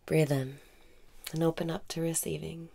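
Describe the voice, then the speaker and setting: A woman with a very deep voice guides a meditation in a calm, unhurried manner. Her tone carries heavy vocal fry, and between spoken prompts she often sinks into a breathy half-whisper.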